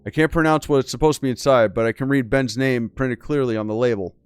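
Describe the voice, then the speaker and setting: A man's voice: medium pitch, fairly even intonation, quick pace, smooth, dry recording. A man hosting a gaming channel, reading a game's story aloud with casual, crude commentary and disbelieving asides.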